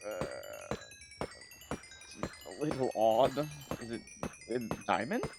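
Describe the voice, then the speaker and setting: A man's voice: fairly low pitch, lively intonation, slow pace, music in the background. A man on a voice call in a casual game chat, answering in short, dry remarks. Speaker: co-player on voice call.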